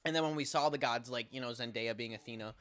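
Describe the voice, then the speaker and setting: A man's voice: mid-range voice, fast, a bit bright. Slangy, enthusiastic man co-hosting a podcast. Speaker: podcast co-host. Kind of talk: casual chat.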